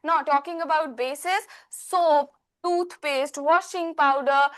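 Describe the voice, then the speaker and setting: A woman's voice: high-pitched, steady tone, slow pace, fairly bright tone. A woman with an Indian accent teaching an online class, explaining patiently in simple repetitions. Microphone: video call.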